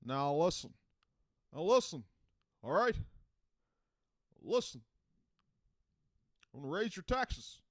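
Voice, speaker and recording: Man doing a pausey, grandstanding president bit, pushed high and loud. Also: big pitch swings, dry recording, clean studio sound. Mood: mock-presidential. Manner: halting, pausey delivery with repeated "listen". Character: mock Obama impression, adult man, grandstanding.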